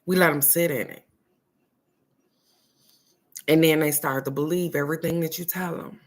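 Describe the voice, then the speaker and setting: A woman's voice: low-pitched, steady tone, normal speed. A middle-aged woman host gives casual spoken advice in a blunt, preachy way and swears freely.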